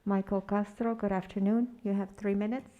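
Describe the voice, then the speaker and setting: A woman's voice: mid-range voice, fairly even intonation, fairly quick, mellow, lo-fi sound. A woman working as the meeting clerk, calling speakers in a polite, procedural way.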